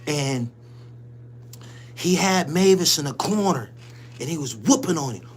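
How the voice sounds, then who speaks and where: A man's voice: a little high, expressive, a little slow, very noisy. A man hosting his channel, telling a story in casual, profane street slang and laughing often as he goes. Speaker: channel host.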